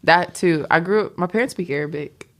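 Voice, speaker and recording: A woman from Sudan, a podcast guest, chatting casually and reacting with enthusiasm. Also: lowish voice. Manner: enthusiastic, quick reactions, laughs along. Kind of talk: casual chat.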